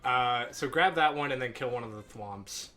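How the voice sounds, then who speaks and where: A man's voice: medium pitch, normal speed, pushed and bright, faint music behind. A young man on a gaming podcast, chatting casually, laughing often and giving game tips. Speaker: podcast co-host and gamer.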